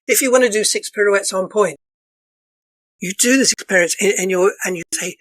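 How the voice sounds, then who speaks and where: A man with a voice going hoarse, a dance counsellor explaining things earnestly as a podcast guest, looping back and restarting his phrases as he talks. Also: high voice, brisk, fairly bright tone, no room sound, low-quality recording. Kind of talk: casual podcast interview.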